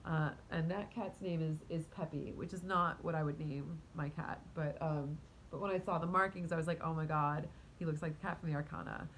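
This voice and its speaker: A woman's voice: deep voice, brisk, a little hiss or hum, poor audio. Chatty woman telling a rambling story. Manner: rambling and animated, many fillers and restarts, with laughs; talks to her cat mid-story. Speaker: vlogger and spiritual coach. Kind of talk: casual storytelling to camera.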